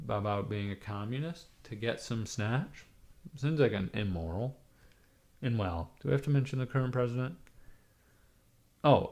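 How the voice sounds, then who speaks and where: A young man talks into a webcam mic during a live stream, his voice raspy and hoarse from a recent illness. He rambles in an irreverent, offhand way and keeps trailing off into fillers. There is a gravelly fry running through his mid-pitched voice. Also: a little mellow. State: hoarse from being sick.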